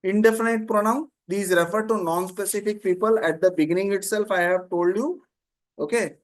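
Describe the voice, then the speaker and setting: A man teaching an online grammar class, explaining slowly, repeating terms and often checking "Okay?". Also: high-pitched.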